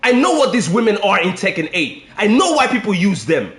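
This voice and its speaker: A man delivering a profane fighting-game commentary rant, swinging between low grumbling and shouted outbursts. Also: very animated, fairly quick, echoey room. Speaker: fighting game content creator.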